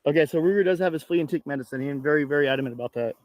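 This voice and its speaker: A man from California hosting a casual live-stream vlog outdoors, chatty and excitable, swearing now and then as he coaxes his dog along. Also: fairly high pitch, racing, no room sound.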